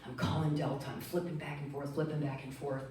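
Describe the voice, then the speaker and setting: A middle-aged woman from Michigan, speaking as a guest speaker to a group, telling a personal story in a lively, animated way and acting out the quotes. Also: low voice, brisk, slight background noise. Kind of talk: storytelling talk. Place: meeting room. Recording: echoey room, distant mic.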